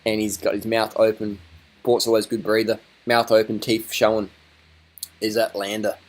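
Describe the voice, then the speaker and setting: A man's voice: fairly low pitch, level tone, moderate pace. A man giving blunt, casual commentary over race footage, swearing and teasing the riders. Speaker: cycling commentator.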